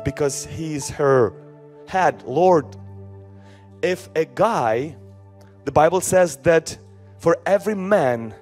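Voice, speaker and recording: Guy preaching a sermon, keeps asking and answering his own questions, bit high voice. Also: darkish tone. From Slavic. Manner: rhetorical questions, answering himself, emphatic repetition. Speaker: pastor.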